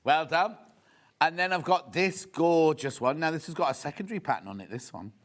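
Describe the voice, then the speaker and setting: Hosting live shopping TV from a studio, a male presenter enthusiastically chats and gossips while displaying fabrics. He sounds animated and fairly quick, his voice a little high and a bit bright.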